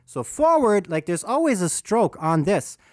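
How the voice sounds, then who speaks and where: Loud music plays behind a man's high voice as he speaks a little slowly. He's a DJ running a casual livestream rhythm workshop alone in a brightly lit room, animated, self-mocking and swearing a lot.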